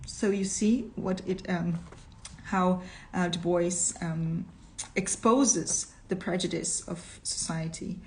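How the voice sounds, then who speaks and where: A woman literature teacher reading a short story aloud slowly and deliberately, with some commentary between passages. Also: lowish voice, steady tone, darkish tone, slight background noise.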